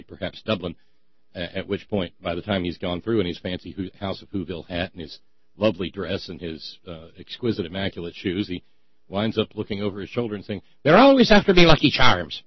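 A man's voice: deep voice, fairly even intonation, brisk, husky, no room sound, lo-fi sound. A man hosting a satirical comedy monologue, sarcastic and mocking, with stumbling restarts. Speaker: host.

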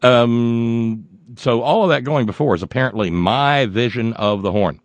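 A man hosting a political talk radio show, sardonic and folksy, reading listener messages and breaking into loud exclamations. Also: mid-range voice, a little slow, dry recording.

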